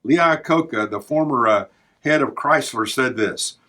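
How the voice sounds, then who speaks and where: A man's voice: mid-range voice, normal speed, sharp tone. An older man hosting a devotional podcast, talking in an earnest, preacherly way as he works through a numbered list. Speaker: podcast host.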